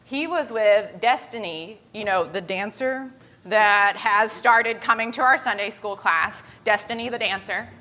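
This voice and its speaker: A woman voicing a grumpy, know-it-all male theologian who gossips in a hushed way during a church skit. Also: medium pitch, measured pace, a little hiss or hum. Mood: gossipy.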